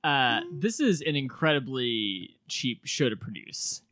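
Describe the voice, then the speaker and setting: A man's voice: mid-range voice, sing-song, unhurried, pushed and bright, dry recording. A man co-hosting a casual podcast, making wry, dry remarks. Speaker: podcast co-host. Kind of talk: casual chat.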